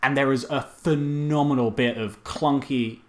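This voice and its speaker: A man's voice: mid-range voice, fairly even intonation, a little slow. A man co-hosting a casual film review podcast, rambling, laughing often and stumbling over names. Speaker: podcast co-host.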